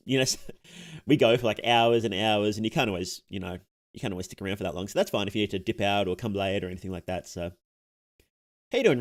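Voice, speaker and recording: A young man streaming as a VTuber, chatting casually with viewers, reading chat aloud, laughing often and restarting his sentences. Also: on the low side.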